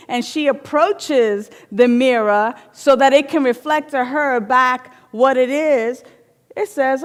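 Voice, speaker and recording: A woman's voice: high-pitched, slow. A woman minister giving a playful, storytelling sermon in a spiritual center. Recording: long hall reverb.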